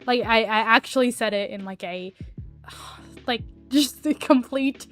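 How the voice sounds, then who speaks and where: A woman's voice: fairly high pitch, unhurried, a bit bright, soft background music. A woman streamer telling a story casually while she draws, rambling with lots of fillers and swearing.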